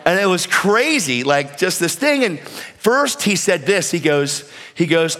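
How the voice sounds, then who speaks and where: A man preaching a storytelling sermon, animated and breaking into shouts when he exhorts. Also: sits high, a little slow. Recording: reverberant hall.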